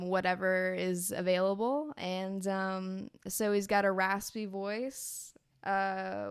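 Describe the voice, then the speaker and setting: Casting: woman, smooth but gravelly tone, casual guest, dry close mic. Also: mid-range voice, no room sound. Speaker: podcast guest and player. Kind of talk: casual chat.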